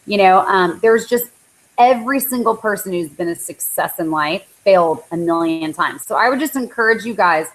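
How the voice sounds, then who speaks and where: Her mid-range voice is a bit bright, heard in a rough recording of a live online call. The woman gives her team a casual pep talk, chatty and full of likes and ums.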